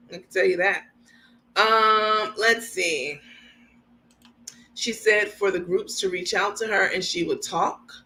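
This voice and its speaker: A woman's voice: medium pitch, bright, forceful tone, low-quality recording. A sleepy woman hosting a live commentary stream, chatting straight to her viewers in a loose, rambling way and often breaking into laughter.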